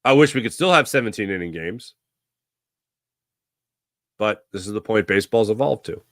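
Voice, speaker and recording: A man's voice: on the low side, moderate pace, no echo, studio quality. A man hosting a sports talk show, chatting casually and rambling with jokes while he answers viewer comments. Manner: animated, rambling, jokey.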